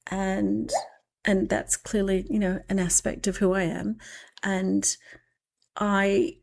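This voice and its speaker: A woman talks through a spiritual meditation in a reflective conversation. Her voice sits at a middling pitch with a gravelly, fried edge. She speaks slowly and musingly, with long pauses between thoughts. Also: a little mellow. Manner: slow, musing storytelling with drawn-out pauses.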